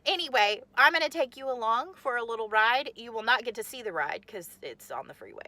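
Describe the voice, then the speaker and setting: A woman hosting an excited vlog, talking into a handheld phone camera on her way to and through a busy market. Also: on the high side, a little fast, hardly any pauses. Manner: bubbly, squealing with excitement. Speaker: vlog host. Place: car and busy market shop.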